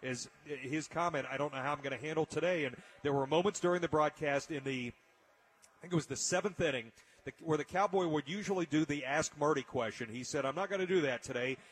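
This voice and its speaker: A man's voice: on the high side, a little fast, breathy edge. A man hosting a casual radio talk show, telling an emotional story with frequent restarts. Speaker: radio host.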